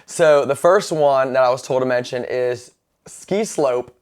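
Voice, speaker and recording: A man's voice: medium pitch, unhurried, a little mellow, clear, resonant tone. A man hosting a podcast, asking friendly questions in a casual interview. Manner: friendly, prompting questions, laughing along.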